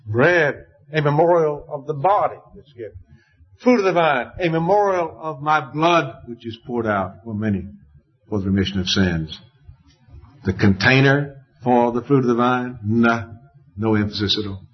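A man preaching a sermon, emphatic, his voice jumping up in pitch to stress each point. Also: moderate pace, slightly rough. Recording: dull lo-fi recording.

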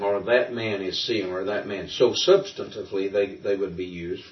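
A man teaching a Greek grammar lesson, explaining step by step in a relaxed way with many fillers and restarts. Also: fairly low pitch, normal speed, faint music behind. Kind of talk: classroom lecture. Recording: distant, roomy, dull lo-fi recording.

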